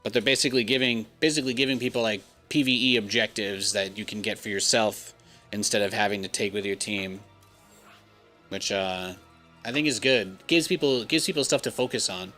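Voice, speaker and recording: A man in his thirties talks through a live game stream in a bright, forceful voice. He rambles casually and peppers his talk with "like". Faint music plays underneath. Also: on the low side, brisk. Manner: chatty, rambling, heavy use of "like".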